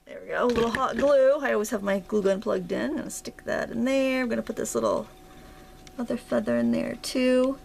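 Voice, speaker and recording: A woman's voice: a little high, animated, a little fast, vocal fry, darkish tone, a little hiss or hum. A woman with a Maine accent hosting a casual crafting tutorial, chatty and self-deprecating as she thinks aloud while working. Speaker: craft video host.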